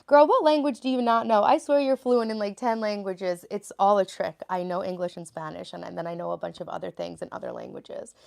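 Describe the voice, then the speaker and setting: A woman's voice: medium pitch, brisk, vocal fry, few pauses, darkish tone. A middle-aged woman livestreaming from home, chatting casually and answering viewer comments as she goes. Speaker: livestreaming vlogger mom. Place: at home, cluttered room.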